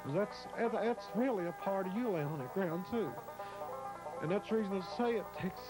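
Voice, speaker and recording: A man's voice: high-pitched, moderate pace, over loud music, poor audio. A man with an Appalachian accent telling his own story in a rambling way, acting out what others said. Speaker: interviewee. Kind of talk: emotional first-person storytelling.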